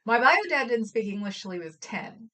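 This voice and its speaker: This Oakland, California woman co-hosting a livestream has a fairly high, expressive voice with a sharp tone, speaking at a moderate pace. Her chat is casual and rambling, full of stories, and she trails off with fillers.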